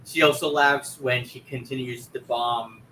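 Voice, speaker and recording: A man's voice: medium pitch, little pitch movement, measured pace, pushed and bright, slight background noise, low-quality recording. Laid-back male co-host. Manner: laid-back, chuckling asides. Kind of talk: casual political commentary.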